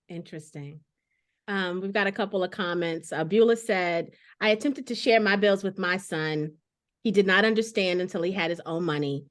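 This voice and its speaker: A middle-aged woman hosting a casual panel discussion, speaking earnestly and reading out viewer comments. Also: on the low side. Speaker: host.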